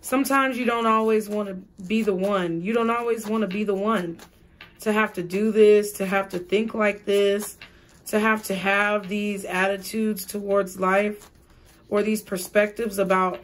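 Tarot reader, woman; slow, measured delivery, repeating spiritual phrases. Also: mid-range voice, steady tone. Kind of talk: tarot reading for viewers.

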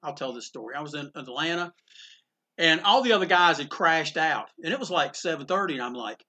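A man who runs a comic book store in Greensboro, North Carolina, chats his way through a story in the shop, full of restarts and asides. He sounds a little high, animated, bright and forceful, and moves fairly quickly.

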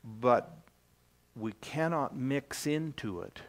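Older guy pastor preaching, slow and easy, lots of pauses. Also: mid-range voice. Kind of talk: sermon. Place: church.

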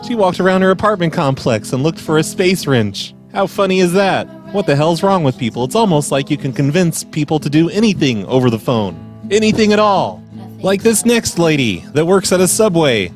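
A man's voice: on the high side, big pitch swings, fairly quick, faint music behind. A man hosting a prank call show, introducing calls in a wry, amused, rambling way. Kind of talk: casual podcast narration.

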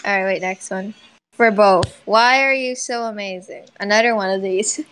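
A woman's voice: mid-range voice, normal speed, a bit bright, smooth, poor audio. A woman hosting a casual Q&A, reading out viewer questions and answering in a chatty way full of "like" and laughter. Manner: chatty, heavy use of "like", laughs often. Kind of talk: casual chat.

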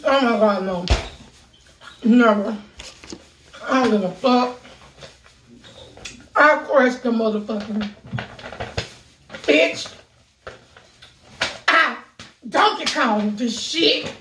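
A woman vlogger in a casual video who talks in pain from a burning mouth, with loud exclamations and heavy cursing. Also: a little high, extremely slow, pauses often, a little hiss or hum. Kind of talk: casual vlog talk. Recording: echoey room, mic at a distance.

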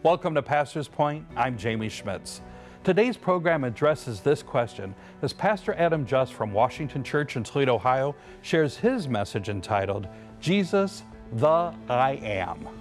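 A program host reading a scripted introduction in a measured, announcer-like way. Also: male voice, medium pitch, lively intonation. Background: faint music.

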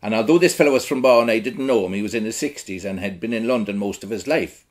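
A man's voice: fairly low pitch, quick pace. A middle-aged man with a rural Irish accent, performing a blunt, earthy one-man stage monologue. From Ireland. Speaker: actor in a one-man show. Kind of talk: theatrical monologue.

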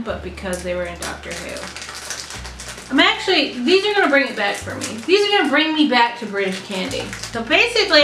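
A young woman vlogging, chatting expressively and squeamishly while taste-testing snacks. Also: fairly high pitch. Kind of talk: casual snack taste-test chat. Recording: echoey room with light music.

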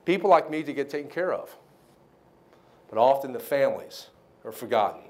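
A man giving a motivational banquet speech, telling his story with lively acted-out quotes. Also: mid-range voice, moderate pace. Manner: animated storyteller, acts out quoted voices. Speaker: keynote speaker. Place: banquet hall.

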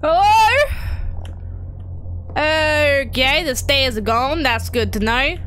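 A woman's voice: high voice, slow pace, pushed and bright, soft background music. A young woman streamer giving jumpy, swear-heavy horror game commentary and talking to her chat. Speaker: gaming streamer.

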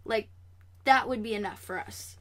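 A young woman vlogger chatting casually and sassily about comic news, animated and straight to the camera. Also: fairly high pitch, moderate pace.

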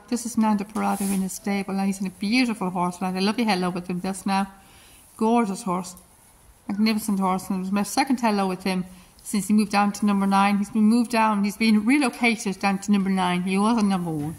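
A woman at outdoor stud-farm stables, filming on a phone and chatting in a high sing-song coaxing voice, repeating herself to a horse and her viewers. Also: darkish tone, low-quality recording. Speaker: horse enthusiast filming a stallion visit. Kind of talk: casual vlog talk to a horse and viewers.

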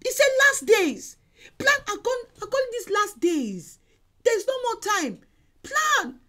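High-pitched, animated woman evangelist; exhorting sermon delivery, repeats lines, shouts now and then. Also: measured pace. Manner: emphatic, repeats phrases, exhorting.

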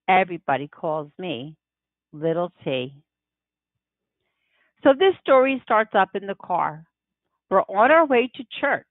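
Woman, audiobook reader, first-person children's novel, slow, lively pitch, dry tinny phone-like sound. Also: dry recording.

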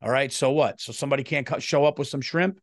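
A man's voice: medium pitch, fast, no room sound, clean studio sound. A middle-aged man, hosting his comedy podcast in a casual, profane rant and feeling unwell. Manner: profane, animated, swings loud and quiet.

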